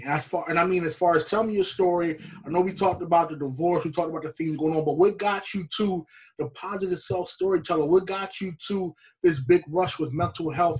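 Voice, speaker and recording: A man's voice: a little high, a little mellow, slightly rough. A man hosting an interview, asking reflective, probing questions. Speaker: podcast host. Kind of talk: interview conversation.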